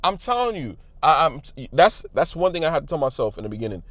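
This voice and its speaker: Male creator, slightly high voice, dry close sound, loud, emphatic, repetitive motivational delivery. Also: sing-song, fast, no room sound. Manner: passionate, emphatic, repeats phrases; loud at times. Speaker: YouTube creator. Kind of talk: motivational talk to camera.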